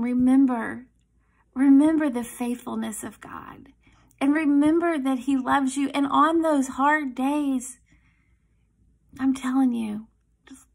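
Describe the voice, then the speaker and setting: A woman's voice: a little high, vocal fry. A middle-aged woman giving an earnest devotional talk to a moms' group, telling a story with many restarts.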